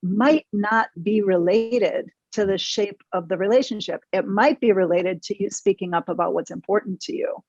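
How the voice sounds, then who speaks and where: Frank energetic woman therapist, dry muffled audio. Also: medium pitch, normal speed, hardly any pauses, no room sound. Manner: frank and energetic, mild swearing. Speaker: therapist guest. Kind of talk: podcast interview.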